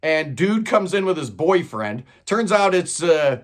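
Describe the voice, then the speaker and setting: A middle-aged man telling stories in a chatty, animated way, often saying "man". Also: on the high side, measured pace. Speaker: channel host telling celebrity stories. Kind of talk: casual storytelling monologue.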